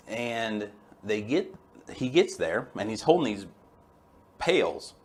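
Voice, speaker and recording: A man's voice: fairly low pitch, lively intonation, a little slow, a little hiss or hum. A man hosting a chiropractic webinar, telling a story in a folksy, enthusiastic, conversational way. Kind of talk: casual storytelling lesson.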